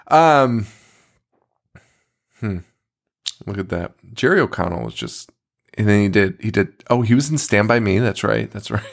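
Male podcast co-host, lively swooping delivery, frequent laughter, profane casual chat. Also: on the low side, creaky.

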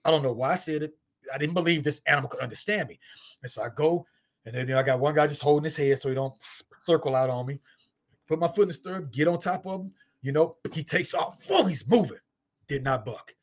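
A middle-aged man from St. Louis with a husky voice tells a story in casual talk, acting out the other people's lines in high voices and laughing often. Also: expressive, fast. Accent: St. Louis, African American Vernacular English. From St. Louis, USA. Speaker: guest storyteller, martial artist.

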